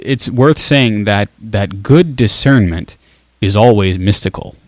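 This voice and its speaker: A man's voice: lowish voice, measured pace, dry recording. A man hosting a casual talk show, chatty and laughing easily as he reads listener comments. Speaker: show host. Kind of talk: casual chat.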